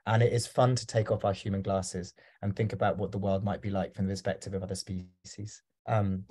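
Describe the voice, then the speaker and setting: A man's voice: sits low, little pitch movement, brisk, dark tone, breathy edge. A man giving a talk over a video call, rambling and hesitant with many fillers. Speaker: guest speaker.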